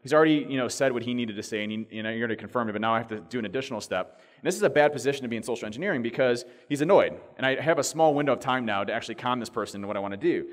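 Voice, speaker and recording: A man giving a conference talk, telling a story fast and animatedly with lots of fillers. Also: mid-range voice. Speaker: conference speaker. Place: conference hall. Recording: long reverb of a large hall.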